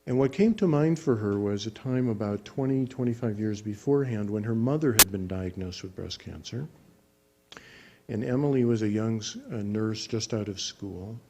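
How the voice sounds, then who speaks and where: A man working as a clinician who teaches relaxation imagery, telling a patient's story in a calm, measured way with frequent restarts. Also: lowish voice, dull audio, a little hiss or hum. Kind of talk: spoken teaching talk with a case story.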